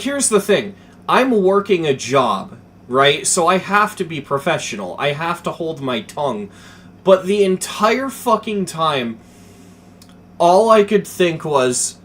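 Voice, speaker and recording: A young man chatting casually as a streamer, telling a story with lots of swearing, dropping to mumbles and then getting excited. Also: fairly high pitch, a little hiss or hum. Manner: animated, profane, swings between mumbling and excited.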